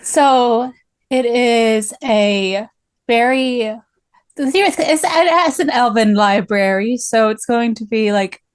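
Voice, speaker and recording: A woman's voice: on the high side, slow, clean tone, no echo. A woman player describing her character in a tabletop game, hesitant, with many "like"s, and losing her voice. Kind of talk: casual tabletop game chat.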